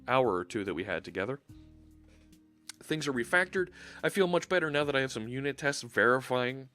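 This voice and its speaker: A man's voice: medium pitch, a bit bright. A man streaming a live coding session, chatting casually and thinking aloud with fillers as he works.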